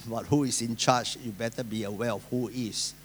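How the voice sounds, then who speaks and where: A male pastor with a Singaporean English accent preaching a sermon, swinging between loud emphasis and soft asides, acting out the voices of people he quotes. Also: mid-range voice, fairly even intonation, moderate pace, a little hiss or hum.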